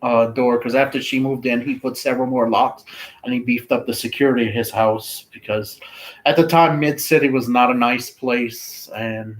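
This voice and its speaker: A man casually reading his own fiction aloud, unhurried and flat, now and then pausing to find his place. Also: medium pitch, poor audio.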